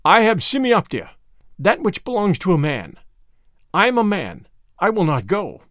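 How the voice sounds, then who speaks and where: A man's voice: high-pitched, very animated, normal speed, a bit bright, dry recording, studio quality. A man reading as a proud, defiant chief. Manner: firm, declaring.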